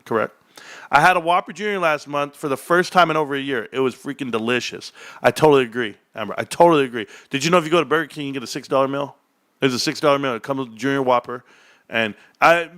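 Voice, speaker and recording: A man hosting a casual livestream, reading chat aloud and joking, with sudden loud, high-pitched bursts. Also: dry recording, studio quality. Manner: animated, jokey, swings into loud high bursts.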